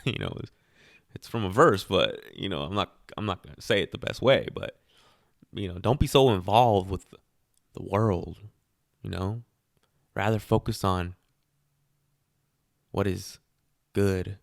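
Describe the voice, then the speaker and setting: A man talks through his own podcast in a loose, opinionated monologue, firing off rhetorical questions and laughing at his own asides. His voice sits a little low, and the recording is close and dry with no room sound. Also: gravelly, fairly bright tone, no echo. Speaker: podcast host. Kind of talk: casual solo podcast monologue.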